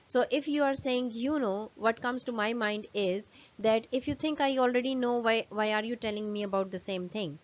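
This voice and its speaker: A woman lecturer, giving a fast recorded lesson full of "um" and "uh" fillers. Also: a little high, highs cut off.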